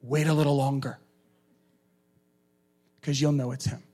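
Delivering a sermon, this middle-aged man speaks as a pastor, animated throughout, and mimics the people in his message using quick high voices.

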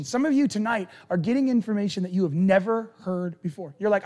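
A middle-aged pastor preaches a sermon with animated energy, acting out the people he describes in quick, high voices.

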